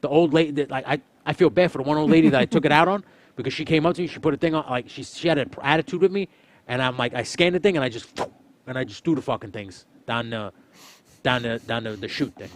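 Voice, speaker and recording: A young man casually telling a story on a stream, swearing often and loudly acting out what people said. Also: medium pitch, quick pace, a little hiss or hum. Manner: animated, swearing, acts out quotes loudly. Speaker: streamer, host.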